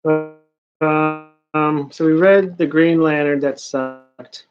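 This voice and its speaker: A man's voice: on the high side, fairly even intonation, extremely slow, smooth. Man reviewing comics, sarcastic and rambling, mocking asides, dull lo-fi sound. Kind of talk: casual comic book review.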